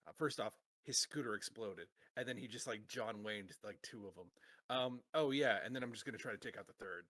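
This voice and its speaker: A man's voice: lowish voice, brisk, a bit bright. A man playing a tabletop game, rambling with lots of fillers and laughs. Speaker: player. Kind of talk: casual tabletop role-play.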